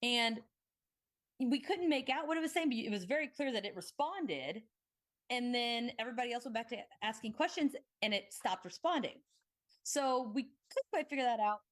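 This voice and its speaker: Young woman podcast host, casual, excitable, rambling storyteller. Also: a little high, normal speed.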